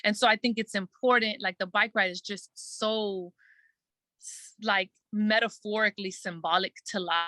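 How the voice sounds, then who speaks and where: Woman guest chatting in an interview, crisp bright voice, dry close sound, lots of "like". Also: mid-range voice, steady tone, no room sound. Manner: earnest, fast storytelling with quoted self-talk and many "like" fillers. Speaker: guest entertainer. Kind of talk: casual interview conversation.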